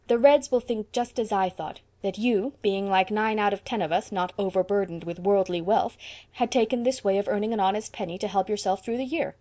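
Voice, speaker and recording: A woman voicing an earnest, sensible young college man in an audiobook, reasoning calmly. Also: mid-range voice, a little fast, natural voice. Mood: reassuring.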